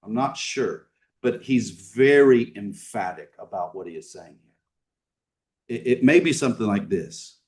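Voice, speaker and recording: A man preaches a sermon in a church sanctuary. He talks in a plain, conversational way and keeps asking his listeners questions. He leans hard on some lines and drops to a hush on others, and his voice comes from some distance from the mic. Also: fairly low pitch, animated, measured pace. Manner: conversational preaching with rhetorical questions, swinging between emphatic and hushed. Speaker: pastor.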